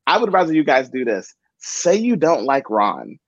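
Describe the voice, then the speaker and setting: A man of middle pitch talks through a slightly muffled, dry microphone. He chats casually and with emphasis, piling one point onto the next in quick bursts. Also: big pitch swings, no echo. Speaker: podcast co-host. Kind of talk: casual chat about soap operas.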